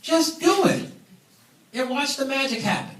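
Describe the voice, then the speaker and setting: A man's voice: extremely high pitch, lively intonation, unhurried, fairly bright tone. A man giving an emphatic business training talk to a live audience, preaching his points and calling for responses. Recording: echoey room, mic at a distance.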